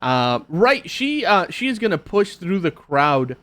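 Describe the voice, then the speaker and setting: Slow-talking game master guy, lots of ums, kinda high voice, dry close sound. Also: sing-song, a bit bright. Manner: hesitant, lots of uh and um. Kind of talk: narrating a tabletop game.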